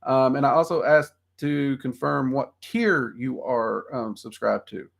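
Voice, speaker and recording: A man's voice: medium pitch, a little slow, creaky. Southern man chatting on a livestream. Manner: frank, rambling, with frequent ums and self-deprecating laughs. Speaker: host of occult livestream. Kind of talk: casual livestream chat reading viewer questions.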